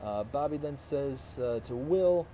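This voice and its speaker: A man's voice: medium pitch, animated, measured pace, dark tone. Young man, from the US South, upbeat, rambling, chatty streamer, faint noise behind. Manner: upbeat, rambling, reads chat aloud. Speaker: livestream host. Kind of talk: casual live-stream chat.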